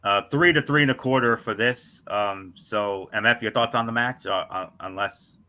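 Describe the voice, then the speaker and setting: A man's voice: on the low side, normal speed, sharp tone. A man hosting a wrestling talk show, laid-back and agreeable in casual chat. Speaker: wrestling podcast host.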